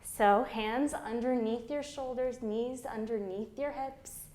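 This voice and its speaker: This fitness instructor, a woman with a fairly high, slightly mellow voice, takes things slowly and keeps a steady tone. She leads beginner planks, counting holds aloud and coaching form, audibly straining and shaking as she holds positions herself.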